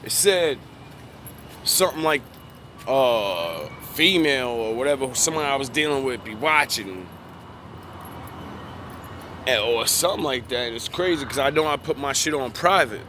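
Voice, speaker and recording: A man's voice: medium pitch, animated, moderate pace, pauses often, bright, forceful tone, slight background noise. A young man giving a casual, preachy monologue in profane street slang, worked up as he preaches. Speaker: vlogger.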